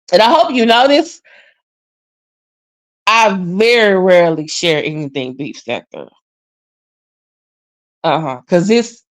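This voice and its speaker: A woman hosting a casual gossip commentary vlog, animated and sassy. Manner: animated, sassy, mimics others, jumps pitch often. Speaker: commentary channel host.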